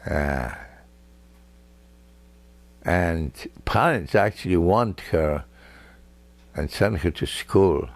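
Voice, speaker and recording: An older man telling family stories in a halting, chuckling way, with many fillers and broken, non-native grammar. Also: low-pitched, dry recording. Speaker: grandfather recounting family history. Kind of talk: casual personal storytelling.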